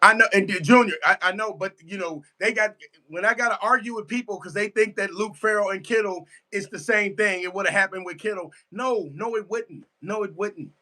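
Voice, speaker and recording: Fairly quick and high-sitting, his voice carries a bright, forceful tone. He's a sports fan streaming his casual reaction to a football game, emphatic and repetitive while he answers chat messages.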